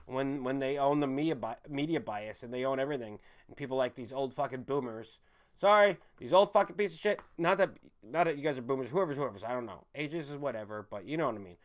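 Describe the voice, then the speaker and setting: A man's voice: medium pitch, fast talker. Rambling, ranting male stream host. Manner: ranting, with frequent restarts and stumbles; addresses the audience as folks and guys. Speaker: online commentary host. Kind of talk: rambling livestream commentary.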